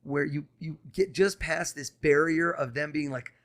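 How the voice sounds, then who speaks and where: A young man, a mentalist guest on a podcast, talking fast and coaxing as he reads a host's mind live. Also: a little high. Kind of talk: casual podcast talk with live mind-reading.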